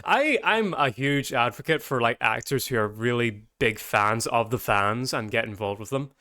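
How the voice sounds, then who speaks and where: A male podcast host with a bright, forceful voice who talks in loose, rambling tangents. His voice sounds close and dry, with no room around it. He keeps it casual and chatty. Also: medium pitch, animated, moderate pace, no room sound.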